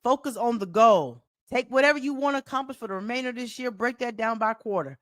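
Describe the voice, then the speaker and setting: A woman who hosts a podcast as a life coach speaks right into a close mic in a solo motivational talk to her listeners. She has a light Southern US accent and a fairly high voice, talks fast in an animated, folksy way, and repeats key phrases like a preacher hammering a point home. The sound is dry, with no room echo.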